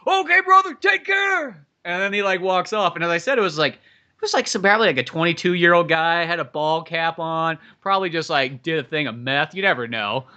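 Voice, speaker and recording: Bright-voiced man telling a rambling story. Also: on the high side, fairly quick, clean tone, dull audio. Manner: rambling, lots of likes and swearing. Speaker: podcast co-host. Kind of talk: casual chat, storytelling.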